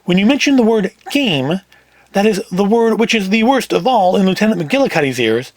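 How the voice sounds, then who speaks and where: A man's voice: high-pitched, big pitch swings, brisk, no room sound. A man voicing a small, nervous male gambling fixer from New York in a cold-read of a script; he pleads in a jittery, wordy way. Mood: pleading.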